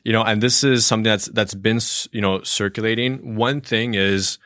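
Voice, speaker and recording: A man with a lowish voice argues his point on a casual podcast. He sounds emphatic and opinionated, and he often repeats words as he starts a sentence. The sound is dry and close to the mic. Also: steady tone, normal speed, a bit bright, no room sound. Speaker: podcast co-host.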